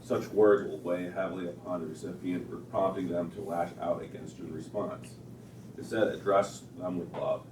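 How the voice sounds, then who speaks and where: Deep-voiced man reading in class. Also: steady tone, moderate pace. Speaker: class participant. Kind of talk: reading a text aloud. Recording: distant and roomy, with background noise.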